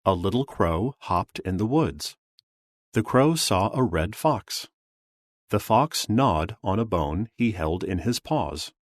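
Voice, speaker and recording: A man reading a children's picture book aloud, slow, clear and expressive. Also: fairly low pitch, no room sound, studio quality. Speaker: storybook reader.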